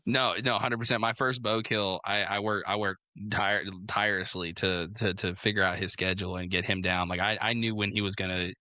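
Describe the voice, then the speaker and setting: A young man hosting a casual interview, telling animated stories full of fillers and restarts. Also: fairly low pitch, brisk, no echo. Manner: animated storyteller, lots of filler words and restarts. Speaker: podcast host.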